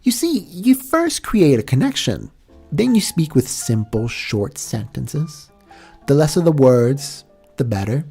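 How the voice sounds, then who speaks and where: A man's voice: a little high, very animated, unhurried, vocal fry, warm tone, slightly rough, soft background music, pitched above the performer's own voice, exaggerated voice. A man doing a posh, lecturing vampire mare. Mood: patronizing. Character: posh elder vampire mare, patronizing teacher.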